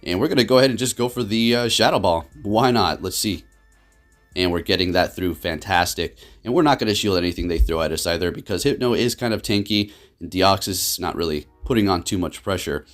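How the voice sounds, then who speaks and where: A man hosting his gaming channel, giving excitable live commentary on his matches that swings quickly between frustration and laughter. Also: low voice, soft background music.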